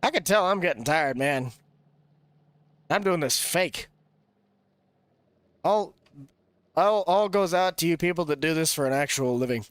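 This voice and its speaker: A man's voice: fairly high pitch, lively intonation, a little slow, pauses often, fairly bright tone, clear, resonant tone, no room sound. A young man rambling and joking casually while live-streaming a farming game. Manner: rambling, jokey, laughs often. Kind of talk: casual gameplay chatter.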